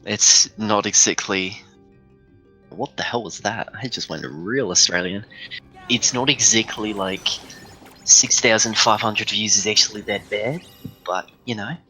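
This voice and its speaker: A man's voice: fairly low pitch, unhurried, bright, forceful tone, low-quality recording. A young man giving casual, joking commentary on a live speedrun and reading out chat as he goes. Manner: joking, rambling, reads chat aloud. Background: faint game music.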